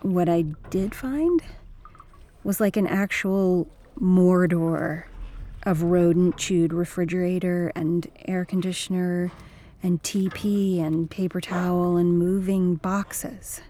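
A woman's voice: on the low side, steady tone, slow pace, dark tone. Wry, slangy woman audiobook narrator. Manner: slangy, wry, conversational teen voice. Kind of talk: first-person audiobook narration.

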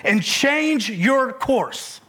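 Preacher doing an angry navy captain. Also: male voice, very high voice, expressive, very slow, exaggerated voice. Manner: forceful and indignant. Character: angry male navy ship captain, stubborn, demanding.

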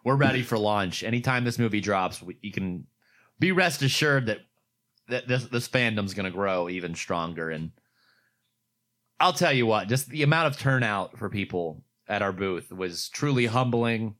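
A man's voice: fairly low pitch, moderate pace. A man from Pittsburgh telling a convention story in casual chat, profane, acting out other people's lines. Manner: animated, profane, acts out quotes in raised voice.

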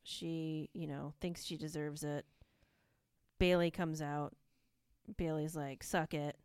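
Smooth-voiced chatty woman, low pitch. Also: flat delivery, takes it slowly, a little mellow, no room sound, studio quality. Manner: chatty, enthusiastic, lots of fillers. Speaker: podcast co-host. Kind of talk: casual chat recapping wrestling.

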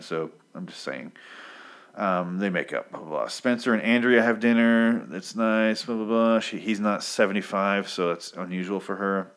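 Low-voiced man ranting through a comic recap. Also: fairly bright tone. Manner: rambling, profane, opinionated. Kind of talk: casual comic book recap.

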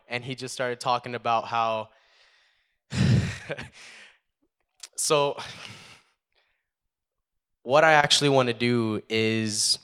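A young man from the United States sharing a personal faith testimony, earnest and halting with many fillers. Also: medium pitch, fairly bright tone, clean tone. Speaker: testimony speaker.

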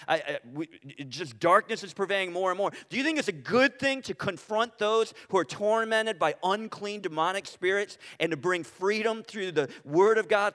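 High-voiced pastor preaching in a hall. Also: male voice. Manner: animated, rhetorical questions, frequent restarts. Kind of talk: sermon. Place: church sanctuary. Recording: reverberant church hall.

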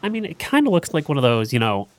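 A man's voice: fairly high pitch, wildly swooping pitch, fast talker, dry recording. A man co-hosting a podcast, chatting casually about an episode and tossing in dry jokes. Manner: dry joking asides. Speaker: podcast co-host. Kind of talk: casual episode recap chat.

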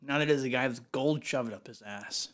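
A man's voice: mid-range voice, a bit bright. A man co-hosting a podcast, joking playfully in casual banter. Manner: playful, joking, quick to laugh. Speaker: podcast co-host.

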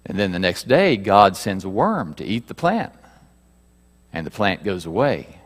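Male pastor, sermon, slow and expressive, questions the room, reverberant sanctuary. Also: sits low. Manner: rhetorical questions to the congregation, swings between loud emphasis and quiet asides.

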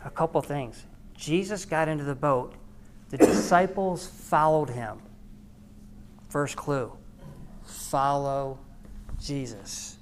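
A woman's voice: low voice, slow, long pauses, a little hiss or hum. A woman podcast host giving an earnest devotional talk, preaching with repeated phrases.

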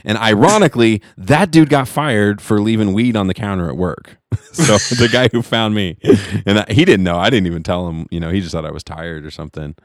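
A man's voice: on the low side, a little fast, no echo, clean studio sound. A middle-aged man co-hosting a podcast, rambling through a casual story with lots of laughing and swearing. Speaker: podcast co-host.

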